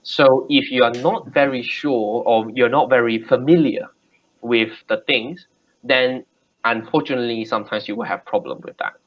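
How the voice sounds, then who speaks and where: Male online tutor, patient and example-driven, mid-pitched, lo-fi call audio. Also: moderate pace. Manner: patient, explains with examples, many restarts. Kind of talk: casual video call lesson. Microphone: video call.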